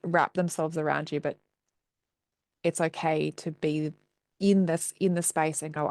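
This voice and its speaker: A woman's voice: low-pitched, flat delivery, measured pace, a little mellow. A woman hosting a podcast interview, affirming and reflective, echoing her guest's points back. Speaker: podcast host.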